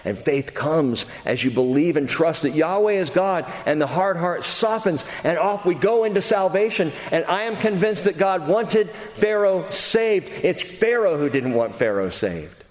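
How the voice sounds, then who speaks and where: Man, pastor, sermon, emphatic, swings quiet to loud, long hall reverb. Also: a little high, expressive, measured pace, few pauses. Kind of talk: expository sermon.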